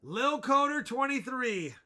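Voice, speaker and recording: A man hosting a live coin auction stream, joking around and shouting out countdowns and winners. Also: very high-pitched, animated, slow. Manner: jokey, loud countdowns and shouted calls. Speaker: livestream coin auction host. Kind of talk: energetic live auction patter.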